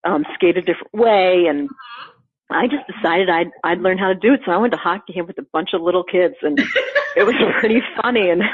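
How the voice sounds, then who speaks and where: A woman telling a funny personal story in casual chat, animated and laughing often, acting out the quotes. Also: lowish voice, a little fast, slight background noise. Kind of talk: casual anecdote. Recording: phone-like narrow sound.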